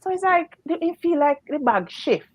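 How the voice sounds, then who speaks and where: High-pitched Jamaican woman telling a story. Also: normal speed, dry recording, poor audio. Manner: animated, laughs often, acts out voices in her story. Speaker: guest storyteller. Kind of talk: casual storytelling in patois.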